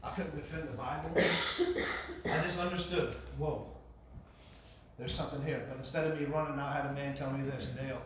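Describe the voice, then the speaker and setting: A fairly high-voiced man preaches his own testimony with an emphatic, repeating cadence that builds line by line. His voice rings in a very echoey hall and is picked up from some distance, with a faint hiss underneath. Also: fairly even intonation, moderate pace, fairly bright tone. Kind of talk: sermon testimony.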